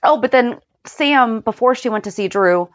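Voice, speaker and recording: A woman's voice: moderate pace, no room sound, muffled recording. A woman co-hosting a podcast, recapping a soap opera in casual chat, her voice swooping up when she quotes or reacts. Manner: lively, swoops high when quoting or reacting. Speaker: podcast co-host.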